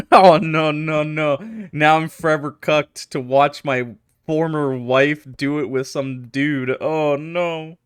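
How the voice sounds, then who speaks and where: Jokey streamer reacting to a game. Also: male voice, on the high side, slow, clear, resonant tone, no room sound, clean studio sound. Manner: jokey, loud reactions, reads aloud dramatically. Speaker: gaming streamer. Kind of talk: playthrough commentary.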